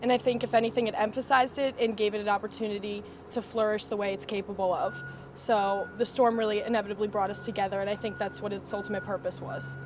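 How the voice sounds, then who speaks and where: Fast-talking earnest woman over noise. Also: mid-range voice, flat delivery. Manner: earnest, articulate. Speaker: interviewee. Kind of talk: reflective interview. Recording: loud ambient noise.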